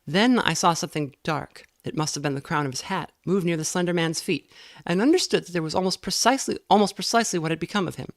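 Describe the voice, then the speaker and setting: A woman reading a novel aloud in a measured way, now and then stumbling and correcting herself. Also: lowish voice, dry recording, clean studio sound. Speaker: reader.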